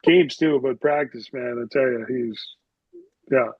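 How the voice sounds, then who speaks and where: A middle-aged man spins loose, profane stories as a podcast guest, peppering every sentence with "like". His voice sits at an ordinary pitch. The recording is close and dry, with a slightly muffled, dull tone. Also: measured pace, slightly rough, dry recording. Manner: rambling, profane, heavy use of "like". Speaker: podcast guest, former hockey player. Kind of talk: casual storytelling interview.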